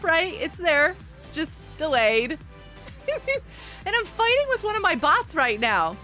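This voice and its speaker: A woman streams a game live, her voice high and swooping up and down as she chatters. She reacts excitably to the game and to viewers in the chat. Faint music plays underneath her. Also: a little slow. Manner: excitable, chatty, reads viewer chat aloud and thanks people. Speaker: live-stream gaming host. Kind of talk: casual live-stream chat while gaming.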